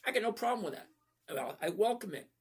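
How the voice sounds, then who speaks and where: Older male livestream host, slightly high husky voice, chatty and repetitive. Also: very animated, fast. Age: 60s. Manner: chatty, repetitive, addresses viewers by name. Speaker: stock trading livestream host. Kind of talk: live Q&A chat answering viewers.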